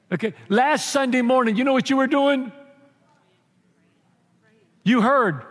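In a church hall full of lingering reverb, a man gives a sermon, his fairly high voice full of jokes and animation. This pastor likes to act out brief voices as he goes.

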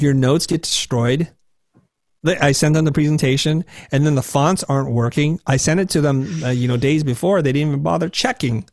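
A guest in his forties shares candid stories about himself, full of self-deprecating humor. He is animated, and his voice shoots up high and squeaky whenever he quotes his nervous younger self. The recording is close and dry, with no room sound or echo.

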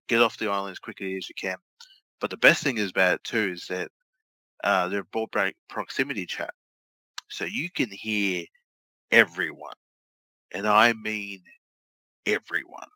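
Low-voiced male co-host, bright and cutting tone, casual rambling delivery, dry close mic. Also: no room sound, rough recording. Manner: rambling, self-mocking, many fillers and restarts. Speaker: podcast co-host. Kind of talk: casual chat.

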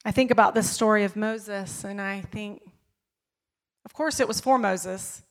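A woman's voice: medium pitch, a little slow. A middle-aged woman pastor preaching a sermon, emphatic, repeating key phrases and dropping to a near-whisper in personal moments. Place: church service.

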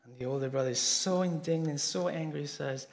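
A man preaching a sermon, telling a story earnestly and swinging between soft and emphatic delivery. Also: a little high, a little fast, vocal fry.

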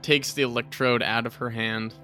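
A man's voice: medium pitch, flat delivery, moderate pace, pushed and bright, faint music behind. A man playing a tabletop game, joking and stammering as he chats. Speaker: player. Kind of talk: casual tabletop play.

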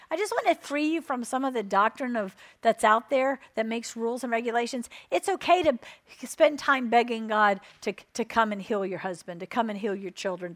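Emphatic woman preacher, higher voice. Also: fairly bright tone. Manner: emphatic, repeats phrases and asks the crowd "Amen?". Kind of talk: sermon.

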